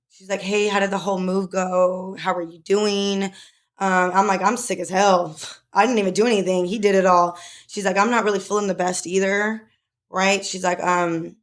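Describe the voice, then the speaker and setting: A young adult woman co-hosting a podcast, telling a personal story in casual, emotional chat with many fillers. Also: medium pitch. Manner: emotional, tearful at times, filler-heavy. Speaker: podcast co-host.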